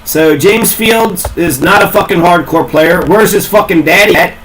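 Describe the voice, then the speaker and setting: A man's voice: high-pitched, normal speed, a bit bright, low-quality recording. A man ranting in a casual, rambling way, swearing a lot and repeating himself. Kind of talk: casual profane rant.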